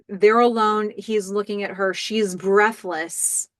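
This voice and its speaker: A middle-aged woman hosting a podcast, giving an animated, enthusiastic recap of a TV episode. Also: mid-range voice, takes it slowly, dry recording. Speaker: podcast host.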